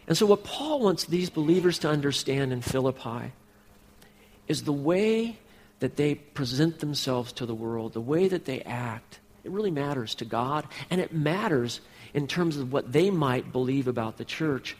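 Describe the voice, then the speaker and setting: A man's voice: on the high side, animated, moderate pace, darkish tone. Preaching man in a reverberant hall. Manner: earnest preaching, direct address to the congregation. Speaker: pastor. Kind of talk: sermon.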